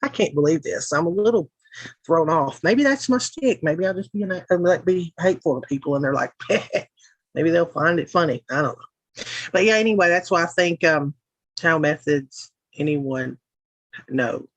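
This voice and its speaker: A woman's voice: sits low, expressive, moderate pace, dry recording, rough recording. A Southern woman hosting a livestream, chatting casually with a rambling, profane manner as she reads out viewer comments. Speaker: livestream host. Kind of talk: casual chat reading live comments.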